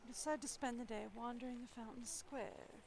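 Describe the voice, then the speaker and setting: A young woman reads a story game aloud to her stream in a fairly high voice, breaking off for playful, wry asides. Her tone stays light and conversational throughout. A faint, steady hiss runs under the recording. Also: moderate pace, low-quality recording.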